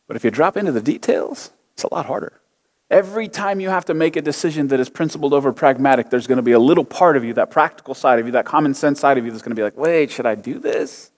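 A man's voice: mid-range voice, rapid-fire. A man in his thirties preaching a sermon as a pastor, conversational and often asking his listeners questions. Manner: conversational, asks the audience questions. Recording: long hall reverb.

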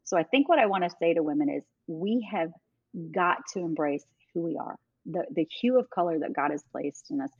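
A middle-aged woman speaking as a guest, lively and quick to laugh, doubling back on her own sentences. Her voice sits fairly low. The sound is dull and dry, with little room in it. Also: creaky, husky, no echo. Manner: animated, laughing, self-interrupting. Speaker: guest, ministry leader. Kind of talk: conversational storytelling.

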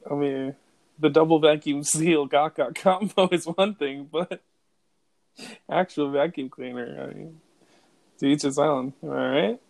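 A man's voice: a little high, unhurried, creaky, a little mellow, dry recording. A young man co-hosting a podcast, joking and laughing as he retells movie scenes and quotes lines in casual chat. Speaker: podcast co-host.

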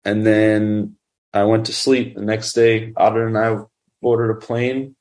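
A man's voice: lowish voice, flat delivery, unhurried, a little mellow. Rambling man telling a story. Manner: rambling, filler-heavy with constant "like". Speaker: documentary filmmaker. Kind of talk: casual storytelling.

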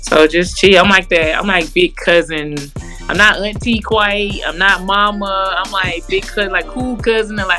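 A woman's voice: on the low side, fairly even intonation, a little fast, sharp tone, soft background music, poor audio. A young woman guest, an assistant basketball coach, chatting in a laid-back way and acting out what her players say. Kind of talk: casual interview chat.

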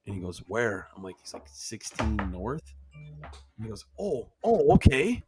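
A man co-hosting a casual chat, animated and playful as he tells his side of a story. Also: lowish voice, normal speed, over loud music. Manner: animated, playful, breaks into joking sing-song bits. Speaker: podcast co-host.

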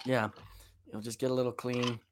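A man co-hosting a casual podcast chat, animated and cursing casually. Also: medium pitch, a little hiss or hum. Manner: animated, swears casually, quick reactions. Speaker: podcast co-host.

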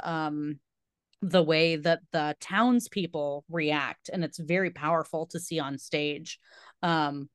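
A woman co-host talks at length in a rambling, emphatic way. Her voice sits a little low and the recording is dry and close. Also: smooth, dry recording. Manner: rambling, emphatic, many fillers. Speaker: podcast co-host. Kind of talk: casual chat.

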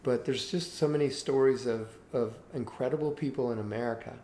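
A man's voice: mid-range voice, fairly quick. A man in his sixties, originally from Cuba and with no accent, earnestly telling stories from his life as an interview guest. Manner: earnest, animated anecdote telling. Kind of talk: interview storytelling. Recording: roomy echo with faint background hiss.

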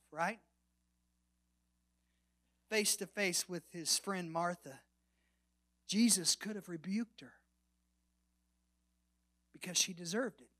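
Slow-speaking pastor man preaching. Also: high-pitched. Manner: drops to a near whisper at the ends of phrases for emphasis; storytelling, swings between loud and soft. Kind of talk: sermon.

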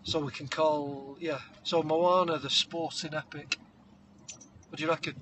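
A man, co-hosting a podcast and spinning an animated comic story, breaking into shouted character voices and hummed tunes. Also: on the high side, a little slow. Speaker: podcast co-host.

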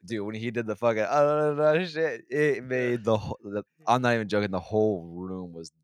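A young man with a low voice tells a rambling, profanity-heavy story in casual podcast chat. He restarts sentences constantly and slips into quick impressions of the people involved. The sound is close and dry. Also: fairly even intonation, no echo. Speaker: podcast host.

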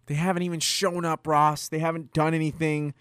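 A man's voice: on the high side, fairly quick, clean tone, no echo, clean studio sound. A tired man co-hosting a casual wrestling podcast, ranting and joking. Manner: excitable, rants, jokey. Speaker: podcast co-host.

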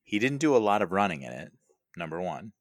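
A man's voice: low-pitched, big pitch swings, fairly quick, dry recording, clean studio sound. A man co-hosting a casual movie podcast, upbeat and joking in easy banter. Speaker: podcast co-host.

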